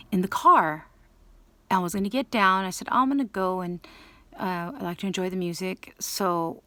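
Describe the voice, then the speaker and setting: A woman telling a long personal story in a rambling, animated way, acting out the people she quotes. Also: mid-range voice, creaky, dry recording. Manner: restarts and trailing asides. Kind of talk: casual storytelling monologue.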